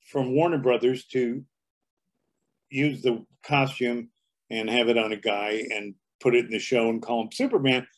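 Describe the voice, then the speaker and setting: An older man telling comedy anecdotes as a guest, jumping into character voices as he goes. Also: mid-range voice. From Canada. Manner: storyteller who jumps into character voices. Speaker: comedy writer and performer, guest.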